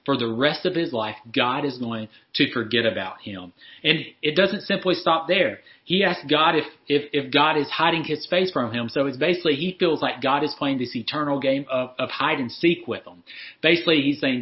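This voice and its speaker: A man's voice: medium pitch, moderate pace. Earnest male preacher, slightly muffled. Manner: earnest, repeats words when restarting, rises when voicing prayers. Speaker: pastor. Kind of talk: sermon.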